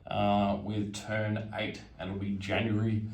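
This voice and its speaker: Low-voiced man narrating a board game. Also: flat delivery, slow, darkish tone. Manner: methodical, counting pieces aloud.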